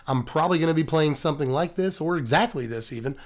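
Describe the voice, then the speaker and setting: A man hosting a video, hoarse and scratchy from laryngitis, rambling and joking through his sign-off. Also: fairly high pitch, fast talker. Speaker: host. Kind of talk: casual video outro.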